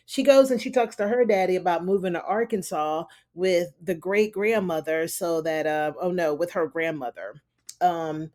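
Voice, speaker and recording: A woman's voice: lowish voice, moderate pace, darkish tone. A woman recapping a TV episode in a loose, chatty way, full of "you know" and "honey". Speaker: TV recap reviewer. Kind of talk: casual spoken episode recap.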